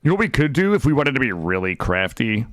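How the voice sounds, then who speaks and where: Young man, gameplay commentary, animated pitch, dry studio mic, casual, cursing. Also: fast talker, no echo. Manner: animated, swearing, chatting to viewers. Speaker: streamer. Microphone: studio desk mic.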